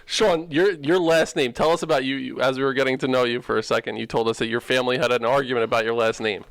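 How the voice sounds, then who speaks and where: A man hosting a podcast in an energetic, loose way, swearing casually and restarting his sentences. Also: mid-range voice, fast talker, creaky, smooth, dry recording. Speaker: podcast host.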